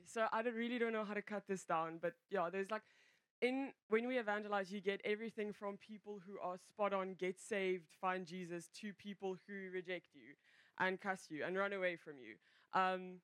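A woman sharing a personal testimony in a church, talking in loose, self-interrupting runs full of fillers. Her voice sits in an ordinary middle pitch. The sound is dry and close, with almost no room echo. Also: a bit bright. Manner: rambling, self-interrupting storyteller, many fillers. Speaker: church member giving a testimony.

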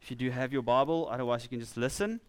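A man with a South African accent preaching a sermon in church, earnest and conversational, slowing down to read scripture with emphasis. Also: medium pitch, smooth, no room sound. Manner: earnest, with laughing asides and slow emphatic scripture reading.

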